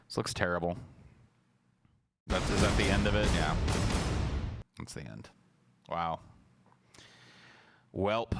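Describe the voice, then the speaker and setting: A man's voice: slow, vocal fry, pauses often, fairly bright tone, soft background music. A man hosting a casual livestream, reacting to a trailer with sarcastic, mocking, profane commentary. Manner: mimics lines in exaggerated high voices.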